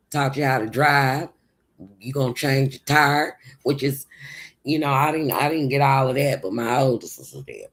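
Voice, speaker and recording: A livestream host with a Southern US country accent chats casually and rambles through answers to her chat. Her voice sits low with vocal fry, and she sounds sleepy, like she's just woken up.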